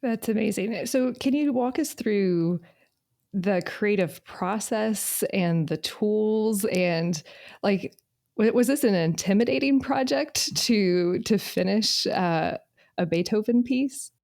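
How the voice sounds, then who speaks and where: A woman's voice: medium pitch, takes it slowly, creaky, a little mellow, no echo, studio quality. A woman hosting a podcast interview, enthusiastic and using many fillers as she asks questions. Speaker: podcast host. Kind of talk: conversational interview.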